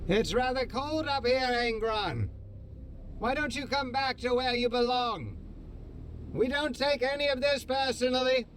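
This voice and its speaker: Smug taunting overlord in an animated story, very high and condescending , voiced by a man; faint noise underneath. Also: unhurried. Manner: silky, condescending. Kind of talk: animated narrative voice acting.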